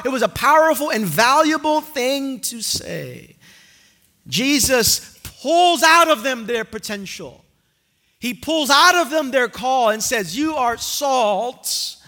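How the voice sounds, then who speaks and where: A man with a very high, bright voice delivers a sermon from a church. He preaches earnestly and with emphasis, drawing out important words slowly for weight. It sounds like a pastor addressing his congregation. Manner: earnest, emphatic, stretches key phrases slowly. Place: church sanctuary.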